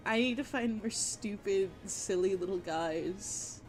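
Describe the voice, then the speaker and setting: A woman chatting casually on a livestream while she draws, gushing and giggling, with bursts of excitement and casual swearing. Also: mid-range voice, slow, faint music behind. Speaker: art streamer.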